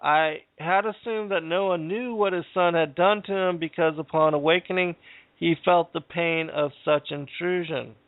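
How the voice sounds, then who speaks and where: Male host, measured reader-commentator, slightly high voice, dry tinny phone-line audio. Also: steady tone, dry recording. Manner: measured, reads passages aloud with pauses. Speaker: podcast host. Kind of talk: reading and commenting on scripture.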